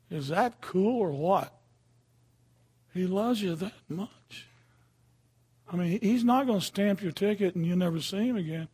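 A man's voice: high voice, animated, a little slow, pauses often, darkish tone, slightly rough. An older man preaching a sermon in a folksy, conversational way, often checking in with his listeners.

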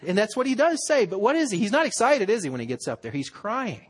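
A man's voice: high-pitched, big pitch swings, fast talker, breathy edge. A man preaching a sermon in an earnest, conversational way, acting out quotes as he goes. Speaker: pastor.

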